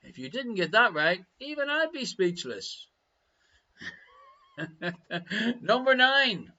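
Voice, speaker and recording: A man's voice: sits high, very animated, slow pace, sharp tone, muffled recording. A man hosting a live online quiz, chatty and teasing as he reads out questions and answers. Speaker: quiz host.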